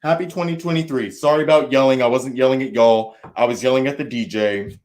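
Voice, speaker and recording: A man reading tarot on a casual livestream, talking loudly and swinging from mumbles to shouts, at a party indoors. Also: mid-range voice, fairly even intonation, brisk. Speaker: tarot reader hosting a livestream. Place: indoors at a New Year's party. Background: faint party music.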